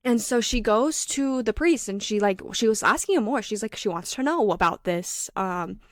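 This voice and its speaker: Female podcast co-host, mid-pitched, casual recap voice, dry mic. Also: expressive, dry recording. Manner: retells scenes with quick quoted voices, many "like" fillers. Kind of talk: casual book recap chat.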